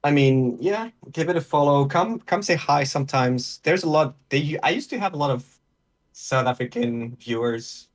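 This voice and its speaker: A man guest on a gaming podcast, speaking English as an in a hesitant, halting way with many restarts. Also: on the high side, animated. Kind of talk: casual chat.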